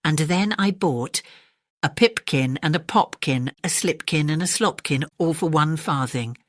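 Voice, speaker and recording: A woman's voice: deep voice, a little slow. An English woman doing tiny cheeky singing mice. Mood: chanting. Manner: sing-song, chanting rhymes.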